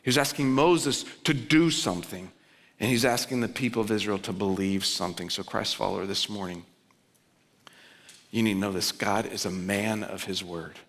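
Bright-voiced preacher in a reverberant hall. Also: male voice, moderate pace. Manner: swings between loud urgent pleading and low quiet emphasis. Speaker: pastor. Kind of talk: sermon. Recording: long reverb of a large hall.

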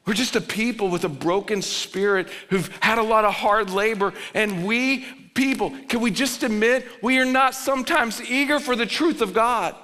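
A man preaching in a church sanctuary, his voice bright and forceful and pitched a little high. He moves between loud, urgent pleading and low, quiet emphasis. The sound rings with the long reverb of a big hall. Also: moderate pace, hardly any pauses. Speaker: pastor. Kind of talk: sermon.

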